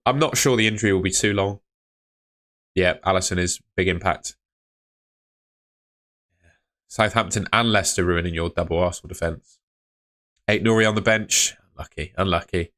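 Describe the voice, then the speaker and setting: A man's voice: low-pitched, a bit bright. A young man casually chatting on a live stream, reading out viewer messages in a laid-back way. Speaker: fantasy football streamer.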